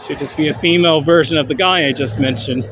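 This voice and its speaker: A man hosts a walking livestream, his voice a touch high for a man, chatting and rambling about whatever he passes. He breaks off to answer viewer comments. Loud traffic noise runs under him, as on an outdoor stream. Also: fast talker. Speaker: livestream host. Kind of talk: casual walking livestream chat. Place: outdoors on a street walk in the evening.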